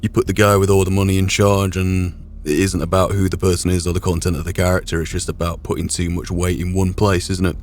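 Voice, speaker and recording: A man talking in character, gruff and blunt with a lot of swearing. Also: low voice, flat delivery, fast talker, few pauses, slight background noise. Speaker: roleplayer speaking in character. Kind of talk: in-character roleplay chat.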